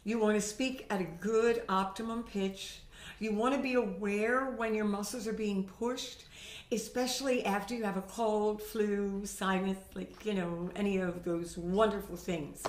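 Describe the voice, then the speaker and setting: A middle-aged woman voice teacher recovering from a sinus infection, chatting and demonstrating pitch with her own voice in a home video lesson. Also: steady tone, measured pace. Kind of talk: instructional video talk. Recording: roomy home recording.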